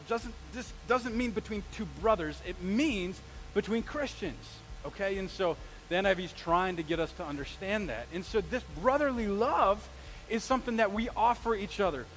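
A man in his forties, a pastor preaching a sermon in a conversational, animated way, with stories and asides. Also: sits high, normal speed, slight background noise, low-quality recording. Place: church sanctuary.

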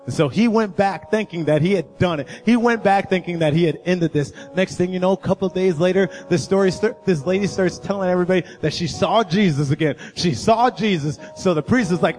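A man's voice: high voice, a little fast, darkish tone, soft background music. A male guest speaker preaching a sermon in a church, telling a story and urging the congregation to confess and forgive. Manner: storytelling preacher, rising intensity, urgent appeals. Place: church sanctuary.

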